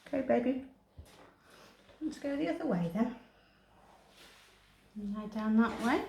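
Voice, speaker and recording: Slow-spoken woman groomer. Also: on the high side, creaky, a little hiss or hum. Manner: soothing baby talk to the cat, calm explaining to viewers. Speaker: cat groomer. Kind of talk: narrated grooming demonstration. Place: indoor grooming room. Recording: roomy room with electric clipper buzz.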